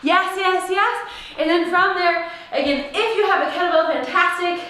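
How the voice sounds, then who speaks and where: A woman's voice: very high-pitched, steady tone, normal speed, very echoey, noisy background. A woman leading a home workout class, with bubbly, playful delivery that drifts into sing-song greetings. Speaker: fitness instructor. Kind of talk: live workout class instruction.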